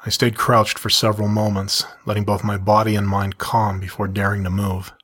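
Reading aloud his own story told in the first person, a middle-aged man keeps an even, measured delivery before turning to address listeners candidly. His voice is on the low side with a breathy edge.

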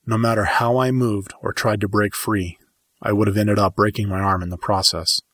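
A man narrating a first-person story in a measured, dramatic audiobook style. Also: on the low side, fairly even intonation, fairly bright tone, dry recording, clean studio sound.

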